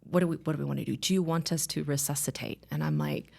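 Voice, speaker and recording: A woman in her thirties shares a personal testimony in a low voice with a gravelly edge. She tells it with animation and slips into the voices of the people in her story. Her delivery is emotional and heartfelt. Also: fast talker, mellow. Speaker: guest sharing her story.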